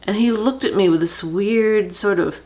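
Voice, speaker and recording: On her vlog, a middle-aged woman shares a personal story in an earnest, reflective way. Her mid-range voice is slightly mellow, and she pauses with fillers and restarts sentences.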